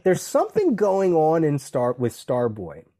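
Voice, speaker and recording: A man on a podcast walks through a comic issue by issue, slipping into the characters' lines as he goes. His voice sits at an average pitch with a dark, mellow tone. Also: a little slow. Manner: animated, quotes dialogue in character, many restarts. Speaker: podcast co-host. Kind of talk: casual comic discussion.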